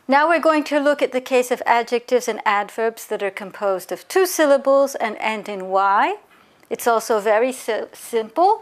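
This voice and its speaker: A woman with a fairly high voice teaches an English grammar lesson. She gives each point in French and then again in English. She takes her time on the example words. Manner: slows down to spell out example words. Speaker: language teacher.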